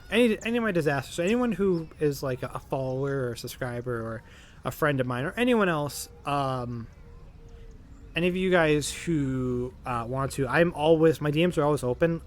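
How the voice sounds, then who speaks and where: A young man, chatting in a loose, rambling way as a tired streamer. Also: medium pitch. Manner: rambling, full of fillers and restarts, tired. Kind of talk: casual rambling chat.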